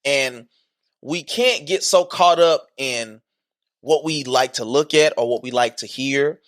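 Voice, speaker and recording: A man hosting a podcast in casual chat, slangy and hyped, repeating catchphrases, then slowing into earnest teaching. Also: medium pitch, fairly bright tone. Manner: switches to slower earnest teaching. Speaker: podcast host.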